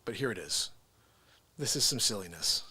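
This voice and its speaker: Chatty, bright-voiced male streamer. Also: fairly low pitch, lively intonation, normal speed, slightly rough, no room sound. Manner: chatty, talks to the viewers directly. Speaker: livestream host and impressionist. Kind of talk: casual livestream chat.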